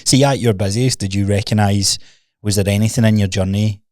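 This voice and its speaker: Low-voiced host asking questions. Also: male voice, steady tone, brisk, a little mellow. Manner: reflective, asks thoughtful follow-up questions. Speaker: podcast host. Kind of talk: interview questions.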